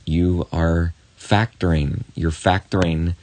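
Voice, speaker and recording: A man teaching a math lesson on video, encouraging and talking straight to the student with quick asides. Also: sits low, darkish tone, slight background noise.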